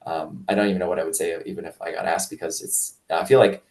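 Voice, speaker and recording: A man, a martial arts instructor, telling a story in a casual interview, rambling with restarts and jumping much higher when he quotes people. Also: steady tone, quick pace, darkish tone, far from the mic. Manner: rambling with many restarts and fillers; acts out quoted voices in a much higher pitch.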